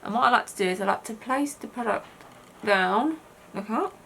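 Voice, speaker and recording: Chatty British woman with a bright voice. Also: fairly high pitch, animated, normal speed, creaky, a little hiss or hum. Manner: chatty, rambling with fillers. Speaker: beauty vlogger. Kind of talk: makeup tutorial talk.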